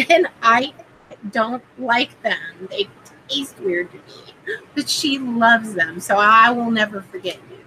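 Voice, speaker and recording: A woman's voice: a little high, slow, sharp tone, a little hiss or hum, rough recording. A woman hosting a casual livestream and doing card readings, rambling with plenty of fillers and greeting viewers by name. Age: adult parent.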